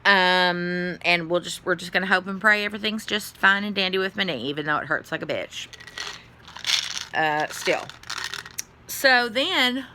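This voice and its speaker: A woman's voice: fairly low pitch, a little slow, pushed and bright, a little hiss or hum. A tired middle-aged woman, chatting casually to her phone camera in a rambling way, yawning and swearing now and then. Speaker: vlogger.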